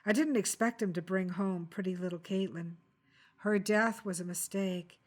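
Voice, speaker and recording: A woman reading the lines of a guarded, cornered housewife who answers in terse, flat, reluctant replies. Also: mid-range voice, normal speed, natural voice. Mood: flat confession.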